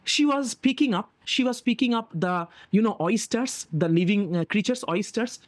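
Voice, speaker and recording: A man hosting an online wellness session, telling stories in an earnest, animated way with frequent restarts, on a video call. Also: sits high, moderate pace, dry recording. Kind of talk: storytelling talk on a video call.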